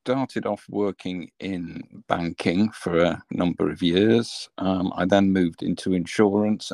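A man's voice: sits low, gravelly, darkish tone, dry recording. A retired man, answering interview questions hesitantly, with many ums and uhs. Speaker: guest, retired volunteer.

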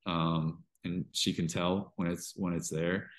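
Deep-voiced pastor telling his story haltingly. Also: level tone. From Georgia. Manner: halting, restarts often, emotional storytelling. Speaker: pastor, podcast guest. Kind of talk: candid interview conversation.

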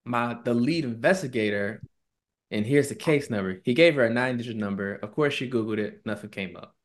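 A man's voice: medium pitch, fairly quick. A man co-hosting a casual podcast, telling a story animatedly and quoting the people in it. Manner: animated retelling, quoting people in put-on tones. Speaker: podcast co-host.

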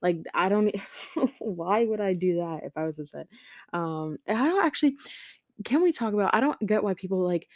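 A tired teenage girl hosts her own podcast from her bed at home, chatting casually with lots of fillers, giggles, and self-interruptions. Her medium-pitched voice has lively intonation at a moderate pace, recorded lo-fi on a home podcast mic with no room sound.

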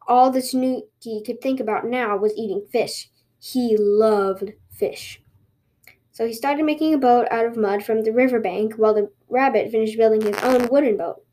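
A woman podcast host reading a folktale aloud in a lively storytelling way. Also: a little high, moderate pace.

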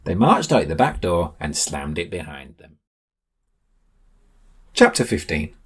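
A man reading a comic story aloud as storyteller, with deadpan narration. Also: deep voice, measured pace, husky.

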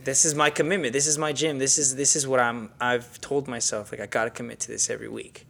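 A young man talks loosely on a podcast, his voice sitting in an ordinary middle pitch. He is laid-back and slangy, and he swears freely as he chats. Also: little pitch movement, quick pace, creaky, a bit bright. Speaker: podcast co-host. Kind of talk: casual chat.

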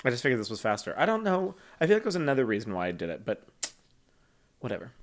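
A man's voice: mid-range voice, very animated, very fast, slight background noise. A man in his thirties co-hosting a casual podcast, playful and campy, laughing often. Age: 30s. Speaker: podcast co-host. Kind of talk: casual chat.

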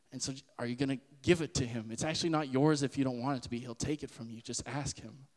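A man's voice: medium pitch, steady tone, fast, few pauses, a little mellow. Earnest young man preaching in a hall. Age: 20s. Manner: earnest and conversational, with frequent laughs and fillers. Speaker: podcast host giving a faith talk. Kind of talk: casual spoken sermon.

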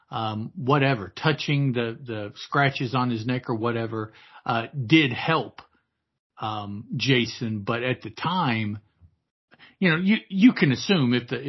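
A man's voice: medium pitch, husky, muffled recording. A man co-hosting a podcast in casual chat, talking hesitantly with restarts. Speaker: podcast co-host. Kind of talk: casual comic book discussion.

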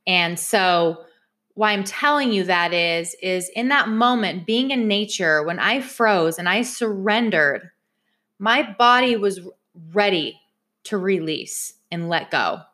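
A woman's voice: medium pitch, animated, slow, pushed and bright. A young woman telling a personal story in a chatty way, speaking straight to her viewers. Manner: chatty, addresses viewers directly. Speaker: vlogger.

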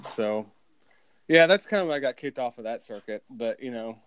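Laid-back man with lively pitch. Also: moderate pace, clean tone, dry recording. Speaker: podcast co-host. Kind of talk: casual chat.

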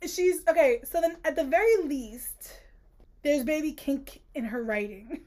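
A young woman co-hosting a casual book podcast, talking in a sarcastic, animated way with frequent laughter. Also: sits high, measured pace. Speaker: podcast co-host.

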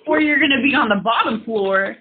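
A woman's voice: on the high side, a little fast, crowd noise. Wry young woman joking along, tinny sound. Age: young adult. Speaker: podcast co-host. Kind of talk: casual chat. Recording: tinny phone-like sound with faint noise.

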